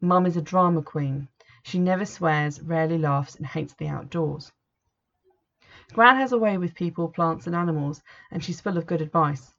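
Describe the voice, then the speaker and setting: A woman narrating a first-person story in a measured, earnest way, on a dull lo-fi recording. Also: deep voice, fairly bright tone.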